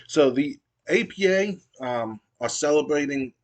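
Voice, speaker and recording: A man's voice: fairly high pitch, expressive, measured pace. A man narrating his wrestling sim playthrough in a casual, rambling way with frequent fillers. His voice sits slightly above average for a man. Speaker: gamer playing a wrestling sim. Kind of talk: casual let's-play narration.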